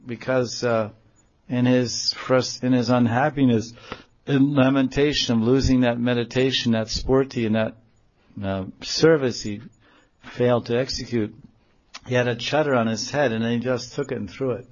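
A man telling a devotional story in a sermon, animated and acting out the quotes in it, in a dull, lo-fi recording. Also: medium pitch, normal speed. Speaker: religious storyteller.

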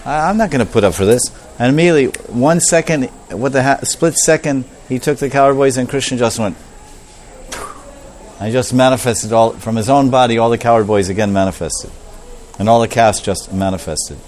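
A man preaching a storytelling sermon, animated and repetitive, acting out the voices of the characters. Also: medium pitch, a little fast, a little hiss or hum.

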